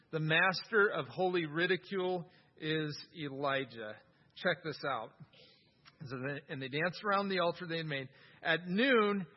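Man, preacher, high voice, sermon in a reverberant hall, muffled sound. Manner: animated scripture reading, wry humor.

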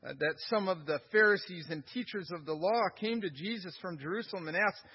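A high, husky-voiced man delivers a sermon from the pulpit. He is earnest and stacks repeated words to drive points home. The recording sounds dull and lo-fi. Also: brisk. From United States. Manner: earnest, repeats phrases for emphasis. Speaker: pastor.

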